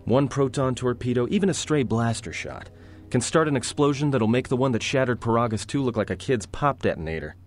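An actor playing a sarcastic, roguish young prisoner in a video game, with a low, gruff voice and dry, cocky delivery. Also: male voice, lively intonation, a little fast, lightly acted. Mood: sardonic. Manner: wry, cocky, dry jokes. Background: game music.

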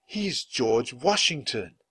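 A man's voice: mid-range voice, very animated, takes it slowly, fairly bright tone, husky, exaggerated voice. A man voicing a cautious, worried young boy in a storybook reading. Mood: earnest. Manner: earnest, anxious.

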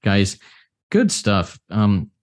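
A man's voice: lowish voice, very animated, extremely slow. A man hosting a recovery podcast, speaking in an earnest, encouraging way and rallying his listeners. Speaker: podcast host. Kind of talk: casual recovery podcast chat.

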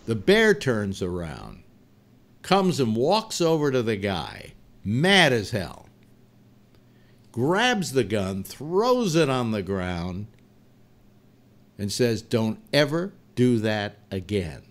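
A man hosting a talk show, telling a long joke to his panel as an animated, laughing storyteller. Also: medium pitch, takes it slowly, long pauses. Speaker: radio show host.

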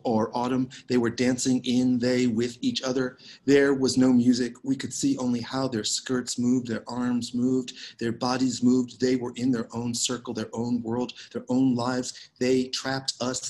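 A man reading his own poems aloud on a video call, measured and unhurried with pauses between lines. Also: mid-range voice, a little mellow, low-quality recording. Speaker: poet reading his work. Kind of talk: poetry reading.

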